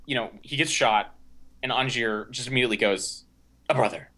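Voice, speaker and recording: Bright-voiced young man recapping a movie. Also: medium pitch, steady tone, brisk. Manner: rambling, filler-heavy recap with many restarts. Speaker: podcast co-host. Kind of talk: casual movie discussion.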